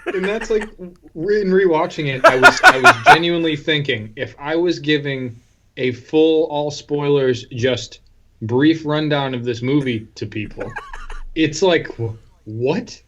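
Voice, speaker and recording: Wry man with a bright voice. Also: fairly high pitch, measured pace, slight background noise. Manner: hedging, wry, lots of restarts. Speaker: podcast co-host. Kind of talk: casual film chat.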